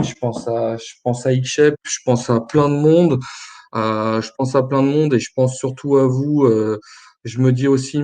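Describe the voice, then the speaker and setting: A man from France with a French accent, a company founder guesting on a livestream, speaking hesitantly with many filler pauses. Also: medium pitch, dark tone. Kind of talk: casual livestream interview.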